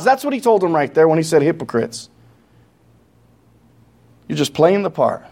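Fiery preacher man, rising to shouts. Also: on the high side, sing-song, moderate pace, creaky, long pauses. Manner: preaches from scripture, builds to loud impassioned shouting; conversational asides with many restarts. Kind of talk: sermon.

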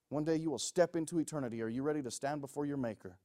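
A man's voice: on the high side, very fast. Man preaching an impassioned sermon. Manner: swings from quiet pleading to loud shouted passages.

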